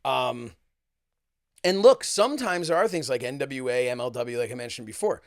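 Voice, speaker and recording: A man's voice: medium pitch, animated, moderate pace, no room sound, studio quality. A man co-hosting a wrestling podcast, a manager himself, talking casually, candid and a bit boastful.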